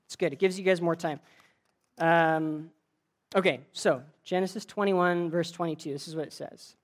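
A woman preaching a sermon in a relaxed, conversational way, retelling a story with frequent restarts. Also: lowish voice, normal speed. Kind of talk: casual sermon.

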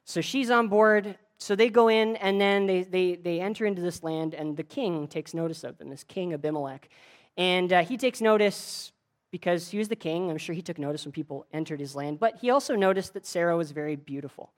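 A woman preaching a sermon in a relaxed, conversational way, retelling a story with frequent restarts. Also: fairly low pitch, fairly quick. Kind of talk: casual sermon.

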